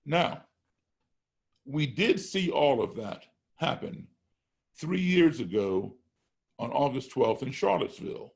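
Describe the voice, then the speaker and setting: This is a middle-aged man from the United States, speaking as a guest on a podcast. His voice sits at an ordinary pitch with a gravelly, fried texture. He stresses his points hard and builds them one step at a time. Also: animated, takes it slowly, pauses often. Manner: emphatic, builds points step by step, acts out classroom exchanges. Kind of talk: conversational storytelling.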